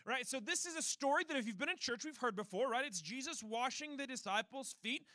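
A young man delivers a sermon in a relaxed, conversational, self-deprecating way. His voice sits very high and rings bright. The sound is dry and close, with no room around it. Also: a little fast, no room sound. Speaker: pastor.

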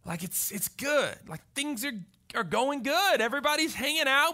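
A man preaching a conversational sermon as pastor, telling stories with animated delivery and often checking in with the crowd. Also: very high voice, normal speed. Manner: animated storytelling, often asks the crowd "right?".

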